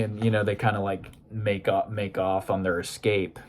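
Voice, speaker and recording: Low-voiced man rambling about a book. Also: flat delivery, brisk, a little mellow, a little hiss or hum. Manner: rambling and loose, full of hedges like "you know" and "kind of". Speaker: book discussion host. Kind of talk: casual spoken book review.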